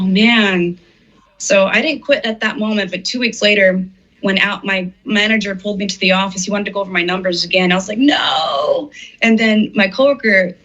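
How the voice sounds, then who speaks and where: A middle-aged woman, an artist, is interviewed about her personal story and tells it earnestly and with emotion, acting out the words of people she quotes. Her voice sits at a medium pitch with a fairly bright tone. The audio is slightly dull and muffled.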